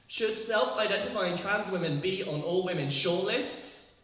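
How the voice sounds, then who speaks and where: A woman's voice: medium pitch, measured pace, fairly bright tone, far from the mic. A young woman, performing her poems live at a gallery poetry night and chatting hesitantly between them, full of fillers. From England. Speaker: poet. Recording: echoey gallery with long reverb.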